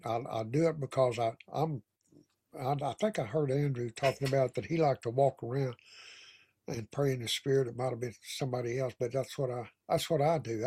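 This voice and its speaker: Earnest man with a mellow, husky voice. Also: mid-range voice, no room sound, clean studio sound. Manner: earnest, conversational, sharing personal prayer habits. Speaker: Bible study leader. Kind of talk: leading a group Bible discussion.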